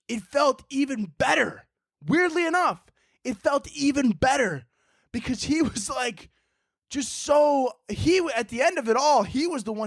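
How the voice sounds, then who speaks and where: Male podcast host, high and very lively pitch, casual profane storyteller, dry close recording. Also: dry recording. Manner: animated, profane, laughs often, acts out both sides of a story.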